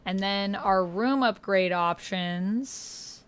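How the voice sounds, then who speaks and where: A woman's voice: medium pitch, very slow, clear, resonant tone. A woman live-streaming a video game, casually reading out menu options and chatting with her viewers. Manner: reads menu options aloud, chats with viewers.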